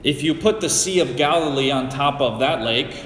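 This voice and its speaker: A middle-aged man from the Great Lakes region of the US, preaching a sermon as a pastor in a slow, deliberate storytelling manner with personal anecdotes, recorded in a church sanctuary. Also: medium pitch, a bit bright, slight background noise. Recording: echoey hall with long reverb.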